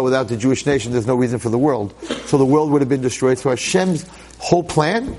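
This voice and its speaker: A man giving a storytelling Torah lecture as a rabbi, dramatic and conversational, swinging from hushed lines to excited exclamations. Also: medium pitch, a little hiss or hum. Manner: conversational, with frequent asides.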